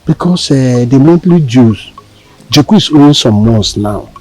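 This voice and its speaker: An actor with a Nigerian accent playing a calm village man, secretary of the kin meeting, explaining dues with hesitant fillers. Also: mid-range voice, unhurried, faint music behind, close to an everyday voice, low-quality recording.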